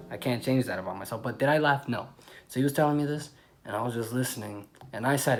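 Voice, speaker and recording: A young man vlogging, telling a rambling personal story in a casual, animated way with loud outbursts. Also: medium pitch, a little fast, a little hiss or hum.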